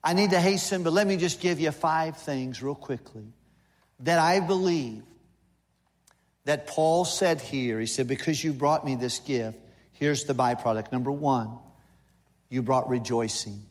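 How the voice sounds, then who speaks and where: A man's voice: mid-range voice, unhurried, long reverb tail. A man in his sixties preaching a sermon in a church, folksy and humorous, with lists and playful asides. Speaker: visiting missionary preacher. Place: church sanctuary.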